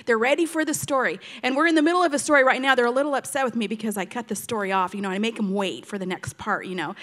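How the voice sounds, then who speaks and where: An older woman with a bright, high-pitched voice tells family stories in a chatty, animated way. She laughs often and drops into playful voices for the children she quotes. Her tone is casual and conversational, as if sharing stories with friends. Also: racing, hardly any pauses. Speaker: storyteller grandmother. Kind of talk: casual storytelling to an audience.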